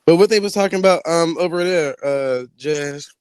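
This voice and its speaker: A man chatting on a live online panel from home, brash and animated, laughing often and swearing freely. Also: on the high side, normal speed, clean tone, dry recording. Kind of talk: casual trash-talking chat.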